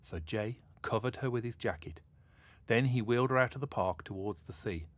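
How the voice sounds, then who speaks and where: A man narrating a children's story in an expressive, animated way. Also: mid-range voice, moderate pace, no echo.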